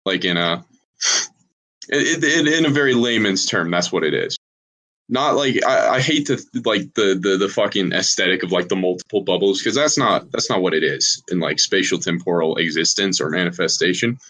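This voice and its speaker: Low-voiced man rambling with restarts. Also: animated, sharp tone, rough recording. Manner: halting, many restarts and swearing. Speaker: podcast guest explaining a theory. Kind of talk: casual group chat on a call.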